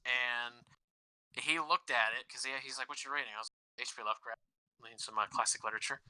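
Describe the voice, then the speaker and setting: A man's voice: medium pitch, quick pace, pushed and bright, clean tone, low-quality recording. A man co-hosting a podcast, telling stories in casual chat, swearing freely and laughing often. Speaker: podcast host.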